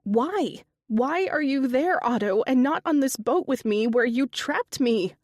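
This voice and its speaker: Woman doing a high, pleading caring woman. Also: animated, measured pace, a little mellow, no echo, clean studio sound, full character voice. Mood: urgent. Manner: urgent, emotional.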